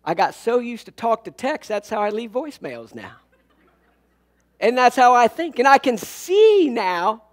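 Unhurried and very high-voiced, with big swings in pitch, a male pastor gives a humorous sermon in a church sanctuary. His storytelling is full of jokes and acted-out quotes from the people in his stories.

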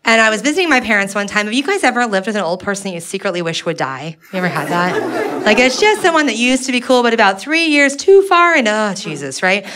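Sarcastic woman stand-up, animated pitch, live crowd laughing. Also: fast, noisy background. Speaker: stand-up comedian. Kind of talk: stand-up comedy set. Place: comedy club stage. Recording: live audience laughing around.

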